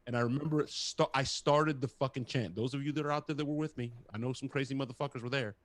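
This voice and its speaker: Excitable, swearing man on a dry mic. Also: medium pitch, quick pace, no echo. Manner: excitable, profane storyteller. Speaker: podcast co-host. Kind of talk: casual podcast chat.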